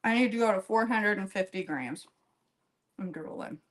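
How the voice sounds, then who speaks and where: This is a home baker's casual live-stream chat, recorded at low quality. She has a medium pitch and normal speed, rambling and making fun of herself as she works, laughing a lot and using viewers' names.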